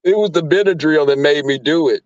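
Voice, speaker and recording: A man's voice: on the high side, brisk, dry recording, highs cut off. A man telling crude, profane stories to live viewers from his workplace. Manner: crude, animated, frequent laughs and swearing. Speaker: live streamer.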